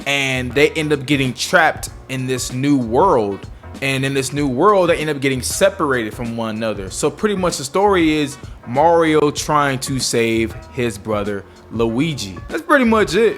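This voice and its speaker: A man's voice: a little high, a bit bright. A man giving a casual spoken movie review, chatty and loose, with lots of fillers and repeated words.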